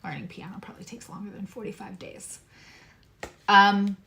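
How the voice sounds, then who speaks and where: In a mid-range voice that's creaky, bright, and forceful, at normal speed, a Long Island woman casually reads astrology and tarot. Her former Long Island accent has given way to neutral American, and she presses her points, repeats key phrases, and chats on the side.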